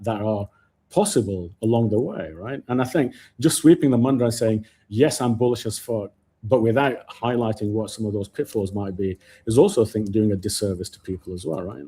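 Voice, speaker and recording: A man's voice: lowish voice, husky. A man debating stock market timing on a casual live show, talking over others and restarting his sentences. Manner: animated, talks over others, many restarts. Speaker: market commentator.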